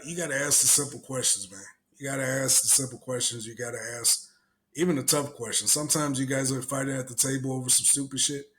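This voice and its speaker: A man co-hosting a casual podcast, talking in a profane, animated way and laughing often. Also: mid-range voice. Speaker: podcast co-host.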